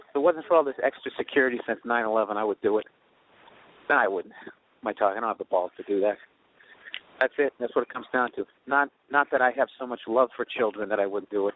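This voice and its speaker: A man's voice: mid-range voice, phone-quality sound. A man hosting a podcast, telling a story in a profane, sarcastic rant from outdoors on a city street. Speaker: podcast host. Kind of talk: casual comedic monologue.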